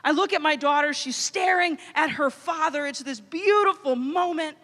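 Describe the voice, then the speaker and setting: A woman in her thirties from Louisiana, telling a funny story as a youth conference speaker, animated and playful. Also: sits high, moderate pace. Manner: animated, comic storytelling with quoted inner voices. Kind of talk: storytelling keynote talk. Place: large hall. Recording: long hall reverb.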